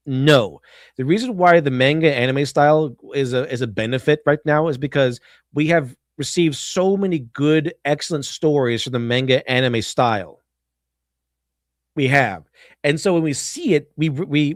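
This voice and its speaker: A man's voice: a little high, expressive, normal speed, no echo. Rambling male streamer, dry close mic. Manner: rambling, restarts often, laughs at his own points. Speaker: streamer reacting to a video. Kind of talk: casual live-stream commentary.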